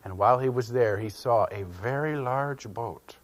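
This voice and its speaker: A man telling a children's story in an animated, folksy way, with asides to the listeners. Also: medium pitch, normal speed.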